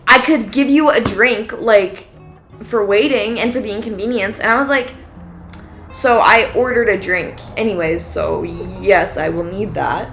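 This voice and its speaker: Young woman telling an animated story. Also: mid-range voice, a little slow, faint music behind. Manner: animated storyteller, acts out quoted exchanges with many "like"s. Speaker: podcast co-host. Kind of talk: casual storytelling chat.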